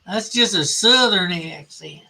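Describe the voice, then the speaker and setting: A man's voice: sits high, animated, unhurried, gravelly, bright, forceful tone. A man streaming live as he draws a comic, chatting casually and reading out viewer comments. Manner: chatty, reads out viewer comments and chuckles often. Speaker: comic artist streaming while drawing. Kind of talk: casual livestream chat.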